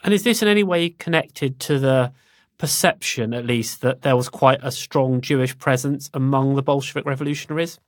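A podcast host interviewing a guest with measured questions. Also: medium pitch, no echo, studio quality.

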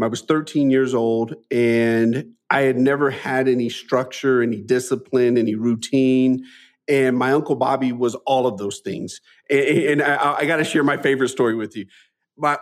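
Guy in his 40s opening up in an interview, earnest, keeps saying man, stumbles and restarts a lot. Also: medium pitch. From Midwestern US. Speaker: guest. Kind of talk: candid storytelling in a conversational interview.

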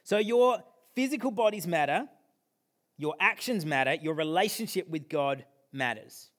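A man in his thirties preaching a sermon in a fairly high voice. He is animated, pushing some points out loud and dropping others to a near-whisper. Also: normal speed. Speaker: pastor.

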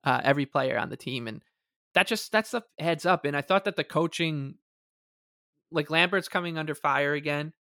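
A man co-hosting a sports podcast, talking in a measured, hesitant way. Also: a little high, bright, forceful tone, no echo, studio quality. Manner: measured, hesitant, many fillers and restarts. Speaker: podcast co-host. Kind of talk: casual sports talk.

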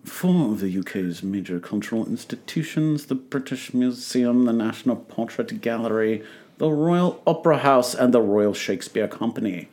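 A man's voice: medium pitch, normal speed, darkish tone. A man hosting a radio talk show, reading a press release aloud with jokes, slips and self-corrections. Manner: joking, self-correcting, laughs while reading. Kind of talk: casual on-air chat reading a press release.

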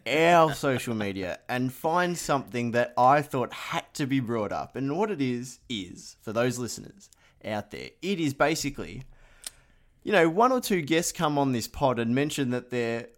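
Aussie bloke hosting a podcast, casual and jokey. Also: male voice, medium pitch, animated, moderate pace. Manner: chatty, self-mocking banter. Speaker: podcast host. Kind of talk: casual chat.

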